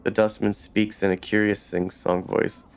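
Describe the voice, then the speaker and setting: Man hosting a let's play, lowish gravelly voice, reading narration aloud with casual comments. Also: little pitch movement, normal speed. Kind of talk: reading game text aloud.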